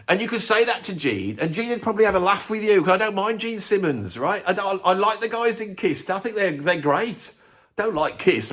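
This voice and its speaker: Man, music vlogger, sarcastic rant, animated, fairly high voice. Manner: sarcastic, animated, self-mocking. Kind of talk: opinionated rant to camera.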